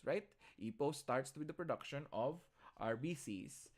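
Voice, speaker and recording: A man's voice: mid-range voice, a little mellow. A man with a Filipino accent lecturing an online class, teasing his students and switching between English and Tagalog.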